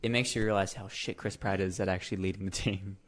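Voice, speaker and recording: Low-voiced man, full of fillers. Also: fast, slight background noise. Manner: filler-heavy, repeats words, animated. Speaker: podcast co-host. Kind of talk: casual chat.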